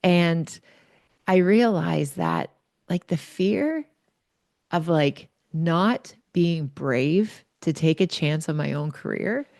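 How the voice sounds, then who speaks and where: A woman's voice: low voice, takes it slowly, gravelly, a little mellow, no room sound, clean studio sound. A woman in her forties, a podcast host, candidly telling a personal story in a chatty way with lots of fillers.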